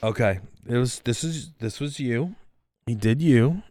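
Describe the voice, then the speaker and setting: A man's voice: medium pitch, animated, a little slow, darkish tone, dry recording, studio quality. A man hosting a casual podcast chat, laid-back and rambling, with lots of fillers and yawns. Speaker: podcast host.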